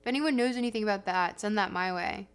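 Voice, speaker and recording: A woman's voice: medium pitch, fast talker, smooth. A woman livestreaming, casually chatting with her viewers in a chatty, self-deprecating way. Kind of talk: casual stream chat.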